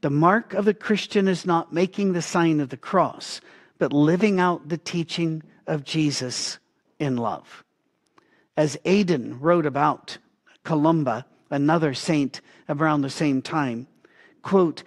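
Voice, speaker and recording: Pastor, middle-aged man, slightly high voice; earnest storytelling sermon, measured pauses.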